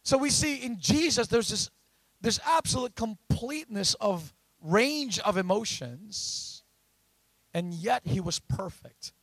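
High gravelly preaching man. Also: lively intonation, slow pace, no echo. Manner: preaching with rising shouts, asking the congregation questions. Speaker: pastor. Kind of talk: sermon.

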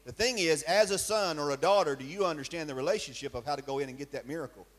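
A male preacher, speaking in a voice pitched high for a man. He preaches emphatically in church and keeps asking his congregation questions. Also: fast talker, fairly bright tone. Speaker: pastor. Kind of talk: sermon.

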